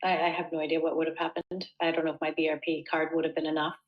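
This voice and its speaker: A woman with a notably low voice talks as a guest in a casual interview. She is from the United States and speaks earnestly and thoughtfully, often pausing on fillers as she gathers her thoughts. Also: level tone, highs cut off.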